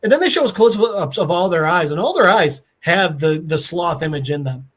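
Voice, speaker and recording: In casual podcast chat, the host, whose voice is a little high, retells a comic story at normal speed. His storytelling is animated, and he voices the characters' lines.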